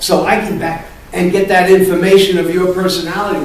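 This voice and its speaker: A man coaching an improv acting class, animated and punchy, often cursing and punctuating points with "boom". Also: fairly quick, hardly any pauses. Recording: echoey room from far off, faint ambience.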